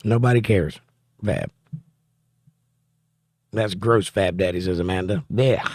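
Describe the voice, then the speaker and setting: A man's voice: sits low, slow pace, darkish tone, no echo, clean studio sound. A man hosting a casual livestream from home, reading viewer chat aloud and joking back. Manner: reads chat messages aloud, wisecracking.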